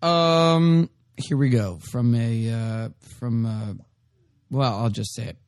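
A man's voice: mid-range voice, steady tone, slow, smooth, no room sound, clean studio sound. A young man co-hosting a podcast, easygoing and self-deprecating in casual chat. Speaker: podcast co-host.

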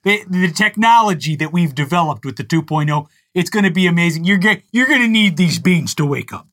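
A man putting on a boastful pillow-company boss. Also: brisk. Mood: boastful pitch. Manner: salesy, excited pitchman voice. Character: boastful male pillow-company founder pitching.

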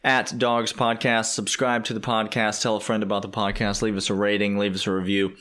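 A man's voice: on the low side, flat delivery, a little fast, fairly bright tone. A man hosting a sports podcast in casual chat, upbeat and playful, and he laughs often. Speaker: podcast host.

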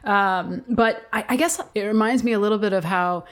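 A woman hosting a casual conversation, reflective and quick to laugh. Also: mid-range voice.

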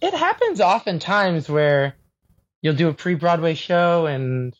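A man's voice: on the high side, sing-song, measured pace. A young man, a stage actor, chatting as an interview guest in a self-deprecating way with frequent laughs and restarts. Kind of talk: casual interview chat. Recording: dull lo-fi sound.

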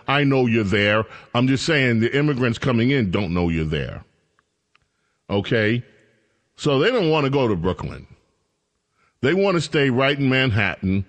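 A man's voice: mid-range voice, moderate pace. Sarcastic New talk radio man. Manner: sarcastic, mocking. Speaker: radio host.

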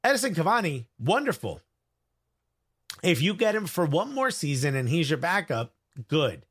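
Animated man, lively pitch. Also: slightly rough. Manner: animated, joking, quick opinions. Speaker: co-host. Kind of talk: casual sports talk.

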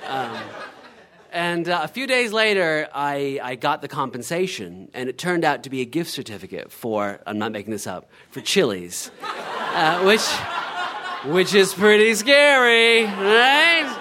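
A man's voice: on the high side, unhurried, noisy background. A middle-aged man telling a comic story on stage, acting out quoted voices and tossing in "right?" to the listeners. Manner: animated, acts out quoted voices, frequent "right?".

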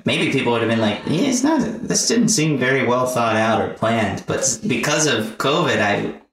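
A man's voice: medium pitch, fairly bright tone. Man telling stories in an echoey room. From Southern US. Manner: quick anecdotal storytelling, laughing often. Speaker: guest comedian. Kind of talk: casual podcast chat. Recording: echoey room, distant mic.

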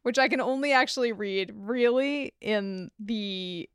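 A woman co-hosting a podcast, chatting casually about a TV episode with wry deadpan jokes. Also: fairly high pitch, a little slow, smooth, dry recording, studio quality. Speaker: podcast co-host. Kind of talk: casual chat recapping a TV episode.

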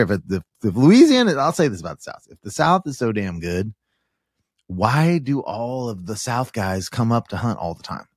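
A man's voice: fairly low pitch, normal speed, no room sound, clean studio sound. A man hosting a podcast, casually retelling a hunting trip and acting out both sides of each exchange, with frequent restarts. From Kansas. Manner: animated retelling with quoted dialogue and restarts. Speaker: podcast host. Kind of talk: casual storytelling.

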